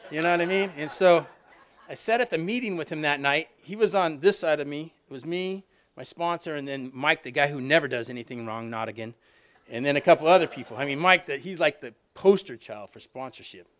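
A man's voice: on the high side, fairly quick, fairly bright tone. A middle-aged man telling a personal recovery story to a live audience, chatty and loose, with restarts and a lot of "you know what I mean". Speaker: alumni reunion speaker.

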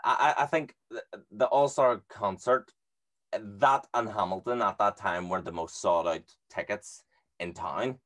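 A man hosting a podcast, asking questions in a relaxed, eager way like a fan. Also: on the low side, measured pace. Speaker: podcast host. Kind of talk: casual interview chat.

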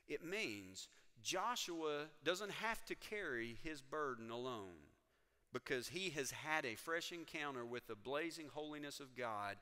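A man's voice: mid-range voice, pushed and bright, long reverb tail. A man preaching a sermon as pastor, telling the story with emphatic, building energy. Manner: emphatic and storytelling, with rising energy on key points. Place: church sanctuary.

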